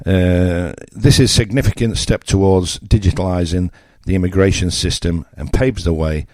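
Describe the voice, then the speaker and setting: Blunt older English radio presenter, low and dry. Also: male voice, steady tone, normal speed, a little mellow, no room sound. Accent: Yorkshire English. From England. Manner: blunt, mocking, conversational with asides. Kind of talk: opinionated radio monologue.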